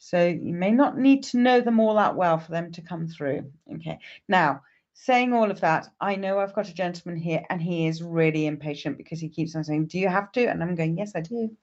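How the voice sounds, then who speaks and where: A woman's voice: on the low side, normal speed, darkish tone, highs cut off. Chatty woman on a stream. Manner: chatty, greets viewers by name. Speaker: psychic medium. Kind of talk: live-stream reading, addressing viewers.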